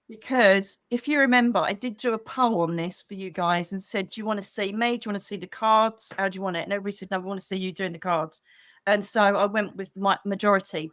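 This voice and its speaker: Psychic lady chatting on a livestream, lively, calls everyone darling, very dry close sound. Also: medium pitch, no room sound. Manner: chatty and animated, with pet names like darling. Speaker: psychic medium and teacher. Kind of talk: casual livestream chat with members.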